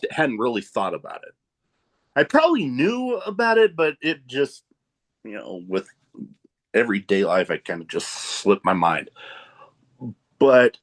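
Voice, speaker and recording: A man hosting a podcast in a casual interview chat. He laughs often and wanders into rambling asides. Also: medium pitch. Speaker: podcast host.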